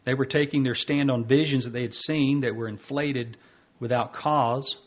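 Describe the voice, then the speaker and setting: A man preaching a sermon as pastor, reading passages and slowing down to stress his points. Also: medium pitch, steady tone, lo-fi sound.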